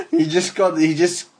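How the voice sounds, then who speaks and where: A British man hosting a podcast in casual chat, giggly and quick to break into laughter. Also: fairly high pitch, fairly bright tone, breathy edge. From Britain. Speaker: podcast host.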